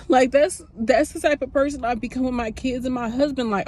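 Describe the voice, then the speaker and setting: A woman's voice: high voice, normal speed, darkish tone. Nurse lady in her 30s rambling into her phone, candid and a bit emotional. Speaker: nurse vlogger. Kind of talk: casual talk to camera.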